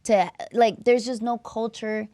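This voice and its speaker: A woman hosting a comedy podcast, talking bluntly and profanely in a loud, animated way. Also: a little high, a little slow, no echo. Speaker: podcast host. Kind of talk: candid comedic podcast chat.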